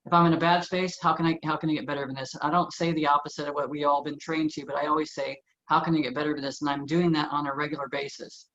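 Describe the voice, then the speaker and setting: A woman's voice: sits low, flat delivery, fairly bright tone. A woman co-hosting a spiritual talk show, speaking eagerly in casual chat with frequent restarts. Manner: quick, eager, with repeated restarts. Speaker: co-host of a spiritual podcast. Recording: slightly muffled sound.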